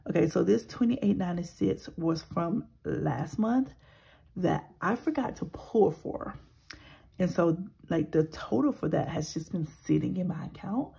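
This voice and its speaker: A woman in her thirties chatting casually as a budgeting vlogger. She talks softly, slips into whispers while counting cash and rambles when she vents. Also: on the low side, expressive, unhurried, creaky, breathy edge, poor audio. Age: 30s. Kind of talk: casual vlog chat.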